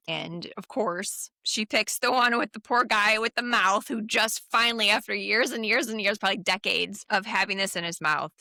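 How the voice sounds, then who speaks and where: A middle-aged woman co-hosting a podcast, retelling a film scene by scene with animated quoted lines. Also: mid-range voice, normal speed, vocal fry, hardly any pauses, no room sound. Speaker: podcast co-host. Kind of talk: casual chat.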